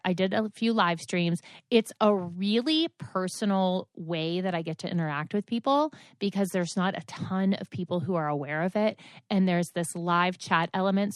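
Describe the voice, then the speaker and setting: A woman hosting a podcast alone, chatting casually in a rambling way, often correcting herself and filling pauses with "like" and "um". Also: fairly low pitch, no echo, clean studio sound. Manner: rambling, chatty, self-correcting with many fillers. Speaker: podcast host. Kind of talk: casual solo chat.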